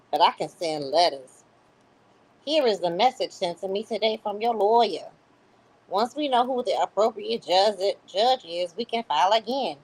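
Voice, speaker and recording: A woman's voice: medium pitch, low-quality recording. A lovesick mistress gushes over her absent lover in a raised, overwrought voice, as a woman acts her out. The delivery is dramatic parody rather than sincere. Her tone stays breathless and smitten. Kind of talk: dramatic parody reading of text messages.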